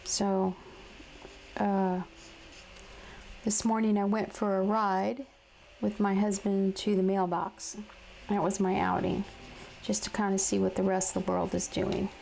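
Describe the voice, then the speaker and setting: A woman hosting a casual live craft demonstration from her home craft room. She is chatty and halting, with many fillers and restarts, and she talks to viewers in the chat while she colors. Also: mid-range voice, level tone, creaky, mellow, a little hiss or hum, rough recording. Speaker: crafting livestream host.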